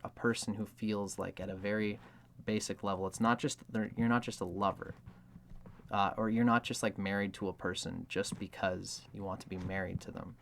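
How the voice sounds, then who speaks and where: Rambling man with a lowish voice. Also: a little hiss or hum. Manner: rambling, heavy on filler words; acts out quoted lines. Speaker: astrology video host. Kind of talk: casual explanatory monologue.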